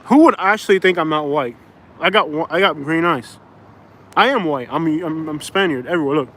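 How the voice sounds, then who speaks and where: Brief: man hosting a rambling outdoor live chat, slightly higher voice, faint traffic hum. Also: fairly quick, a bit bright. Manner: rambling, chatty, reads viewer comments aloud. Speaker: livestream host. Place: outdoors in a suburb.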